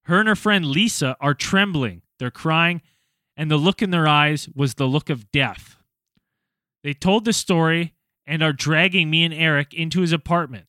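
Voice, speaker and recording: Bright-voiced young podcast host. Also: male voice, on the high side, moderate pace, dry recording. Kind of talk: reading a listener story, then casual chat.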